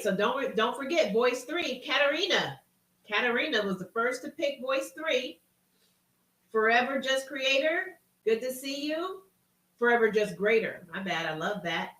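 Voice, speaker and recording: A woman's voice: on the high side, a bit bright, far from the mic. A woman hosting a live stream, talking casually and reading names from the chat with folksy encouragement. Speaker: live-stream host and coach. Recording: roomy sound from off-mic.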